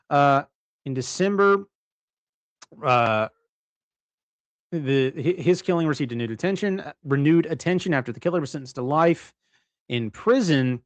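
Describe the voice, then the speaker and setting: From his bedroom, a man with a fairly high voice co-hosts a casual livestream. He rambles and restarts constantly, correcting himself and laughing frequently, and the audio has no room sound.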